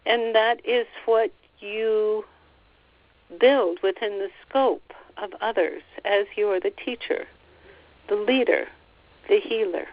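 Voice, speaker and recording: Soft-spoken woman on a dull call line. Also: medium pitch. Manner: slow, soothing, repeats phrases, relays quotes. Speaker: spiritual channeler relaying messages. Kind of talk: channeled spiritual teaching on a call. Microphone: phone line on a teleconference call. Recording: slightly dull teleconference audio.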